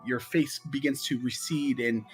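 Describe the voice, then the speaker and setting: A man slowly describing his character's spell in a tabletop game, pausing with many ums. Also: medium pitch, fairly even intonation, soft background music, poor audio. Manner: slow, halting, many ums. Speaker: player.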